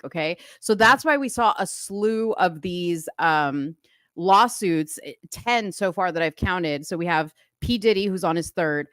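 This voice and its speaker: A woman's voice: lowish voice, fairly bright tone, no echo. A woman co-hosting a live talk show, chatting casually and laughing often. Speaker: co-host. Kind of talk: casual chat.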